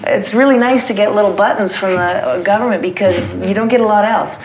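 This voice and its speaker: A middle-aged woman, a theatre director, answering interview questions in an animated, self-deprecating way, with frequent restarts. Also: mid-range voice, fairly quick, background noise.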